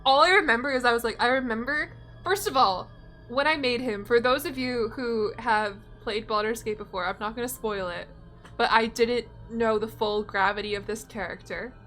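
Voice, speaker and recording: A woman's voice: on the high side, moderate pace, fairly bright tone, faint music behind. A young woman streamer chatting casually while she plays, giggly and self-deprecating. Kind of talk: casual gameplay commentary.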